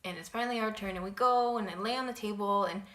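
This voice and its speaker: Bright-voiced young woman vlogger, echoey room. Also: medium pitch, fast. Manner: chatty, lots of "like" and "um" fillers. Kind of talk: casual story-time vlog.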